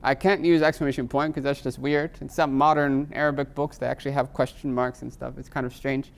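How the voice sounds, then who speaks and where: A man at mid pitch teaches a grammar class with a relaxed, classroom tone. He often throws questions to his students and tags sentences with "right?". He slows down to sound out each technical term. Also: vocal fry. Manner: quizzes students with frequent rhetorical "right?"; slows to spell out Arabic terms.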